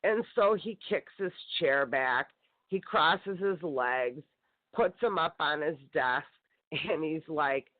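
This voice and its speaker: Slow-talking woman on a tinny phone line. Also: deep voice, expressive, no echo. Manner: intense, aggrieved storytelling with acted quotes. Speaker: guest telling her story. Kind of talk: personal testimony on a call-in show.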